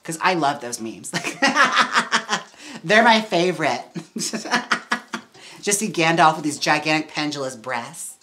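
A woman's voice: low voice, sing-song, takes it slowly, sharp tone. A woman hosting a casual livestream while styling a wig. She is chatty and giggly and says "like" a lot. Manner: chatty, giggly, heavy use of "like".

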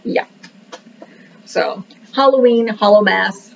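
A woman's voice: mid-range voice, slow pace, creaky, a little hiss or hum. A woman casually reviewing a book, rambling with many fillers and joking that she cannot pronounce the words. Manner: self-deprecating about pronunciation. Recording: dull lo-fi recording.

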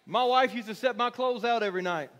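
A middle-aged male pastor preaching a sermon in church, repeating his words and building to shouts. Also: very high voice, quick pace. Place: church sanctuary.

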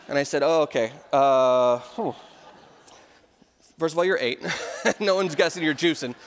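Humorous pastor in a reverberant sanctuary. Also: male voice, on the high side, animated, moderate pace, slight background noise. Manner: storytelling with humor. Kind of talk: sermon. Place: large church sanctuary. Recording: long hall reverb.

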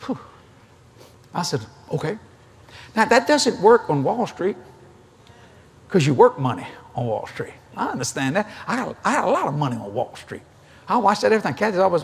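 This middle-aged preacher's high-pitched, husky voice swings widely in pitch, moving briskly with vocal fry. In a big convention hall with a live crowd, he shares folksy stories, performs the dialogue, and laughs frequently.

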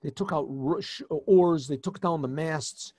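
A man, a rabbi, retelling a scripture story to his class in an animated way, often restarting and adding asides. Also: a little high, slow, dry recording, clean studio sound. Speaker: rabbi teaching a yeshiva class. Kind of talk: informal storytelling lesson.

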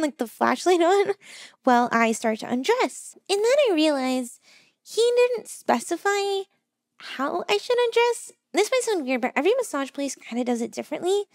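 A young adult woman telling a funny personal story in a casual, animated, self-deprecating way, acting out what people said. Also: sits high, dry recording, clean studio sound. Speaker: vtuber storyteller.

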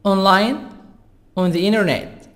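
Slow, high-voiced man teaching words. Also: fairly bright tone. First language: Arabic. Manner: repeats single words slowly and deliberately, with quick asides in Arabic. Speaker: English teacher. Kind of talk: vocabulary and pronunciation lesson.

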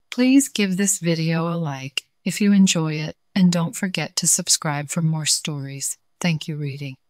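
A woman reading a bedtime story for children in a calm, gentle read-aloud manner. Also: fairly low pitch, dry recording, clean studio sound.

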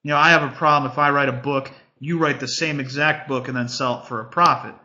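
A man makes his case in a casual panel chat, earnest and circling back on his own phrases. His voice is sharp and very bright. The sound is muffled and lo-fi. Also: medium pitch, steady tone, fast. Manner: earnest, repeats himself while arguing a point. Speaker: panel guest.

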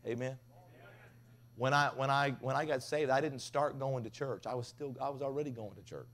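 A man preaching a revival sermon, telling stories with big swings from loud to hushed. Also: mid-range voice, fairly quick. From Tennessee. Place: revival tent.

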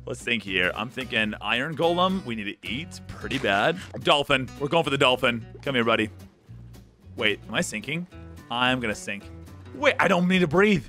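A young man giving goofy, excitable commentary while playing a block-building game, joking with the game's creatures as he goes. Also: mid-range voice, a little fast, soft background music. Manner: goofy, excitable, jokey banter with the game's mobs. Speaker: gaming YouTuber. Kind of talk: Minecraft let's play commentary.

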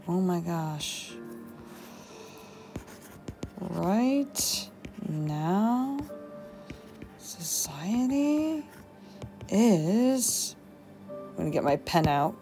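A woman's voice: lowish voice, expressive, drawn-out words, vocal fry, pauses often, music in the background. A woman teacher thinking aloud as she writes a journal entry for her students, musing and talking to herself. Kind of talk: thinking aloud while writing a journal demo.

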